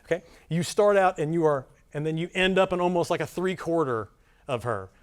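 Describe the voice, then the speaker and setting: A man teaches a live workshop on camera movement to a seated audience. He talks in a loose, rambling, animated way and pokes fun at himself as he goes. His voice sits slightly higher than most men's. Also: brisk. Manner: rambling, self-deprecating, animated. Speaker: workshop presenter. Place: conference room before a live audience.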